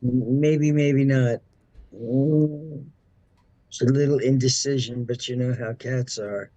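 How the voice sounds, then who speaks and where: A man's voice: medium pitch, steady tone, slow, dark tone, no room sound, muffled recording. A man co-hosting a casual livestream, talking to the viewers in a laid-back, easygoing way. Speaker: livestream co-host.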